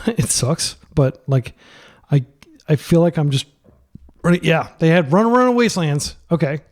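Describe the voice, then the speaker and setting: Man, card game commentary, mellow voice, slightly high, frustrated, thinking aloud. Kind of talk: live gameplay commentary. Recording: hot mic, slightly overdriven.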